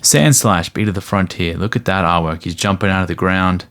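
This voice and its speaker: A man's voice: low-pitched, brisk, fairly bright tone. A man chatting casually and thinking aloud as he flips through graded trading cards for his vlog. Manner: rambling, easygoing, thinks aloud. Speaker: card collector vlogger.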